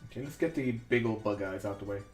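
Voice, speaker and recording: A man's voice: lowish voice, fast. Rambling man chatting while he sculpts. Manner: rambling, hesitant, many fillers and restarts. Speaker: sculpting livestream host. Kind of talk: casual chat while working. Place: home studio in New York. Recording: roomy echo, faint music behind.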